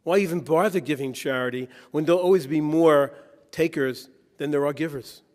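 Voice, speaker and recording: A man stands before a conference audience, telling stories and jokes with a preacher's rhythm. His voice sits a little high for a man. The long reverb of the hall trails each phrase. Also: moderate pace, darkish tone. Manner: anecdotal, tells jokes with a preacher's cadence. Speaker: keynote speaker. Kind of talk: conference keynote speech.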